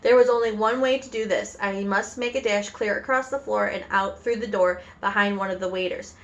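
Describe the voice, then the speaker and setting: A woman reading a children's book aloud with animated storytelling and occasional slips. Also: mid-range voice, brisk. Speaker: reader.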